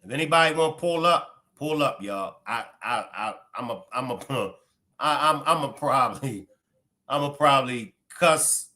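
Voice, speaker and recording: A man's voice: medium pitch, animated, a little slow, bright, forceful tone. A man with a Baltimore accent, hosting a livestream with blunt, profane, fiery commentary. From Baltimore, USA. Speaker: livestream host.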